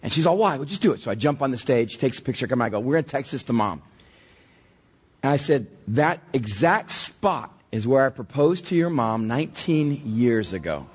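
Pastor, man in his forties, a bit hoarse and husky, lively animated delivery. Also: medium pitch, normal speed. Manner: storytelling with lively acted-out quotes. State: slightly hoarse. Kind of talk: sermon.

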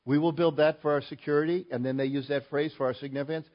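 A male pastor preaching a sermon, emphatic and rising loud on key points. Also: a little high, steady tone, quick pace, highs cut off.

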